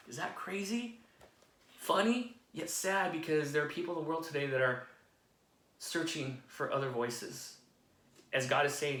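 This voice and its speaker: A man's voice: fairly high pitch, lively intonation, normal speed, pushed and bright. A man giving an earnest devotional sermon, often checking in with his listeners by asking "okay?". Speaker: devotional speaker. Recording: roomy echo.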